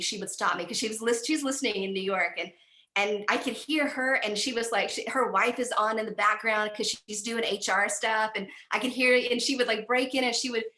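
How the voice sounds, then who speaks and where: A woman's voice: mid-range voice, pushed and bright, reverberant. A woman author chatting casually about her book on a video call, rambling and self-deprecating, often restarting her sentences.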